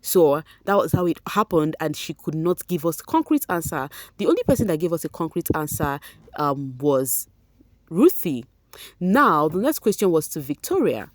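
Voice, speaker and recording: Nigerian woman, gossip vlogger, tired voice, lowish pitch, dry close sound. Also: moderate pace, no room sound. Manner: animated, chatty, mixes in pidgin. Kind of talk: reality show gossip commentary.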